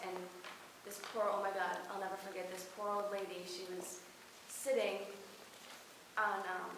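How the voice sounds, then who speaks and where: A woman's voice: medium pitch, a bit bright. Young woman, chatty monologue, lots of fillers, very echoey classroom, noisy recording. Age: young adult. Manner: chatty storytelling with many fillers and "like". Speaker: acting student. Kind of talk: performed verbatim monologue. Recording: very echoey room with noise.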